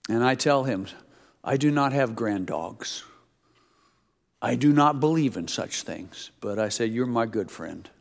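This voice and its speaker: A man's voice: medium pitch, lively intonation, measured pace, gravelly. Preaching man in a reverberant hall. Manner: conversational preaching, folksy anecdotes. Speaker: pastor. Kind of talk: sermon. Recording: long reverb of a church hall.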